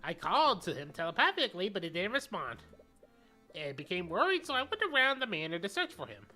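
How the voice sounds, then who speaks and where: A man's voice: high voice, sing-song, a little fast, pushed and bright, soft background music, pitched above the performer's own voice, full character voice. Harold, a man doing a creepy old curator. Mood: earnest. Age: older. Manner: formal, earnest testimony. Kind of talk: reading game dialogue aloud.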